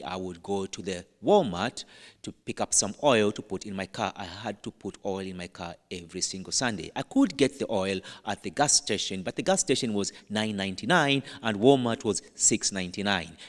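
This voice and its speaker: A Catholic priest with an African accent, preaching a sermon as a playful, humorous storyteller with dramatic pauses. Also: male voice, fairly low pitch, long reverb tail.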